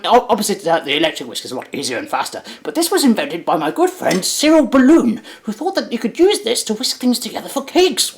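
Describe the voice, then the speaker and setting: Male cooking host, lively sing-song delivery, goofy rambling asides. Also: sits high. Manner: jokey, rambling, self-correcting asides. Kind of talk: comic in-character cooking demo.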